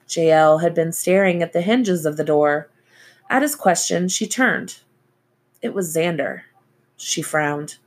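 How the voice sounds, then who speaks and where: A woman narrating a novel as an audiobook reader, in a slow, even storytelling manner. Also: sits low.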